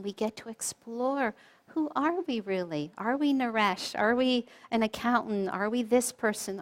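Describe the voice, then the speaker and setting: Higher-voiced woman giving a chatty spiritual talk. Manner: chatty storyteller, laughs often, acts out quoted voices. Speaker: spiritual retreat speaker. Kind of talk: informal spiritual talk with stories. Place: retreat gathering before a group.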